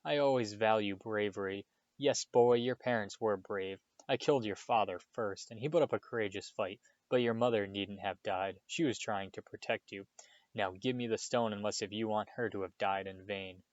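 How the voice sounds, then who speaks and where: A cruel male dark wizard hisses his threats in a low, snarling voice, put on by a man reading a storybook. The recording sounds dull and dry. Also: moderate pace, dry recording, lightly acted. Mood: menacing.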